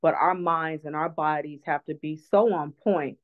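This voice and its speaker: A woman's voice: low voice, normal speed. A woman guest speaker, earnest and reflective, telling a personal story in an online talk. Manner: earnest, reflective, many restarts. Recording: tinny phone-line audio.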